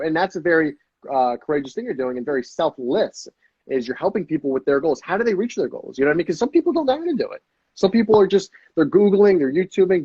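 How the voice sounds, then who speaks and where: Energetic, higher-voiced man swearing casually. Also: slightly rough, dry recording, highs cut off. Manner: energetic, swears freely, acts out sales calls. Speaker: podcast guest. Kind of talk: casual podcast chat.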